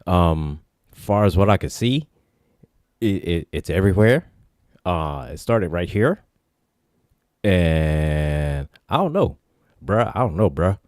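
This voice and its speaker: A man's voice: low voice, animated, takes it slowly, pauses often, a little mellow, no room sound, clean studio sound, pitched below the performer's own voice. A man doing a stammering, baffled bro officer. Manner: hesitant, stammering slang. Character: male alien first officer as a clueless bro.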